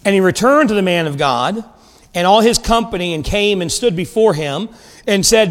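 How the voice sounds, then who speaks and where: A male preacher giving a sermon, retelling a scripture story in a casual, animated way with dramatic pauses. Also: high voice, big-room sound.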